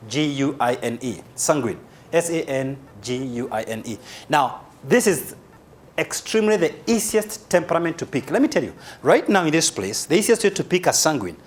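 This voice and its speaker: Lively Kenyan man giving a seminar. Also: a little high, a little hiss or hum. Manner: humorous, animated, spells key words aloud. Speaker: motivational speaker. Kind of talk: live seminar talk.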